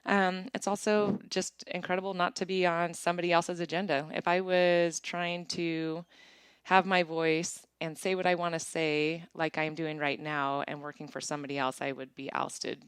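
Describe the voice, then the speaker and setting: Woman, low voice, smooth, chatty, animated storyteller, dry close sound. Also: moderate pace, dry recording. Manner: chatty, animated storytelling with bright acted-out quotes. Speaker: apparel business founder, guest. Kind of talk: casual interview chat. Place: small town in Montana.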